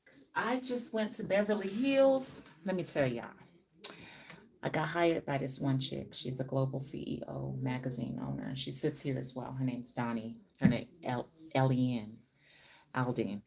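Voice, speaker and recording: A woman's voice: a bass voice, a little slow, creaky, a little mellow. A middle-aged woman hairstylist hosting a casual livestream from her salon, chatting to viewers by name while she works. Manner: chatty, talks to viewers by name, sings little bits.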